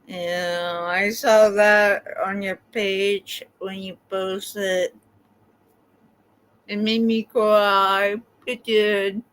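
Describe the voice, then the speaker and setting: Soft-spoken, sympathetic woman livestream host. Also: medium pitch, little pitch movement, very slow, smooth, poor audio. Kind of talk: casual livestream chat.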